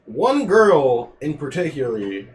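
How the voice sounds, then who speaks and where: A man's voice: fairly high pitch, big pitch swings, slow, slight background noise. Swearing young man telling a story. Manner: rambling storytelling, heavy swearing. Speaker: podcast host. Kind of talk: casual chat.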